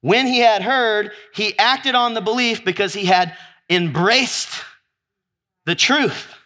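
A man's voice: high-pitched, takes it slowly, bright, forceful tone. A man preaching to a live audience, with call-and-response and exuberant whoops as he acts out scenes.

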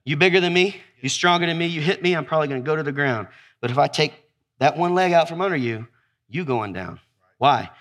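A man's voice: medium pitch, fairly bright tone. A man preaching to a live audience, with call-and-response and exuberant whoops as he acts out scenes.

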